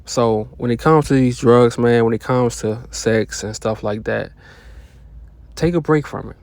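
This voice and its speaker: Speaking directly to the camera, this self-help vlogger gives an offhand, foul-mouthed pep talk packed with slang, laughing briefly between his blunt points. His voice is medium in pitch and somewhat dark in tone, and he keeps a measured pace. No room sound can be heard.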